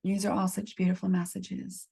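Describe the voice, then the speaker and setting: A woman leading a support group through a gentle guided reflection, calmly reading out messages from the chat. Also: medium pitch, vocal fry, breathy edge. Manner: gentle, unhurried, reads chat messages aloud. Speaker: medium leading a healing workshop.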